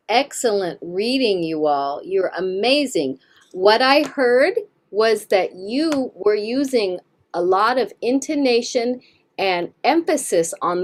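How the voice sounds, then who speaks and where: A woman teaching an English reading lesson at an unhurried pace. Her voice swings up and down with a lot of expression as she explains words and cheers her students on. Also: medium pitch. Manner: encouraging, explains words with Spanish glosses.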